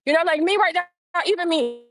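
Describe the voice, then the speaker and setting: A woman in her forties with a high voice talks straight to her phone on a casual live stream. She is blunt and animated, and she hammers her points home by saying them twice. The sound is close and dry, with no room around it. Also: fairly quick, no room sound. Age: 40s. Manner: blunt, animated, repeats phrases for emphasis.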